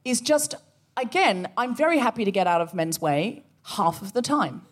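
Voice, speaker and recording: A woman co-hosting a live comedy podcast, telling a story with animated energy and acting out the voices of the people in it. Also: fairly high pitch, normal speed, husky. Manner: animated, acts out quoted voices. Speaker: podcast co-host. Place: live theatre show.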